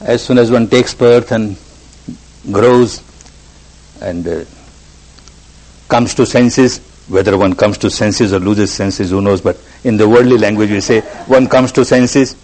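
A man's voice: on the low side, fairly even intonation, unhurried, pauses often, a little mellow, rough recording. A man giving a meditation talk, repeating phrases for emphasis as he tells an example story. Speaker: meditation teacher. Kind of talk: spiritual discourse.

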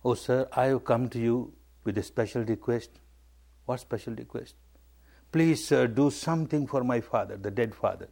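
A man's voice: medium pitch, moderate pace, creaky, a little mellow. A man voicing a naive, grieving young man who begs and repeats himself. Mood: pleading. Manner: imploring, repetitive.

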